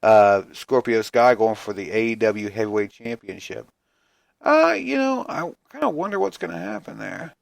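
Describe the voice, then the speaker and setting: A man's voice: fairly low pitch, sing-song, moderate pace, vocal fry, dry recording. A man hosting a casual solo podcast, ranting in a rambling, profane, frustrated way and sounding tired and yawning. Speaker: podcast host.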